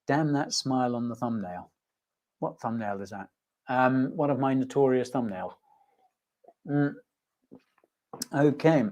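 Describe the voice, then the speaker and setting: A man's voice: medium pitch, unhurried, pauses often, a little mellow. A man hosting a casual livestream, chatty and jokey, rambling with lots of fillers and restarts. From United Kingdom. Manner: jokey, self-mocking, reading viewer comments aloud. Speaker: host.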